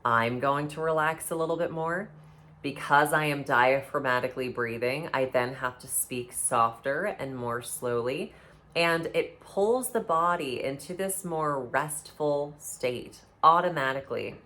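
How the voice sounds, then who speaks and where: A woman's voice: deep voice, unhurried, fairly bright tone. A woman talking about breathing and the body in a casual, earnest, instructive way, often restarting her phrases. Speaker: podcast speaker on somatic healing. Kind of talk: casual explanatory talk.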